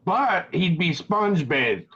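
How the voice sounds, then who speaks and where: A man's voice: high-pitched, sing-song, slow, sharp tone, breathy edge, dull audio. A man hosting a live web show in casual chat, rambling and joking with crude humor. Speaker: show host.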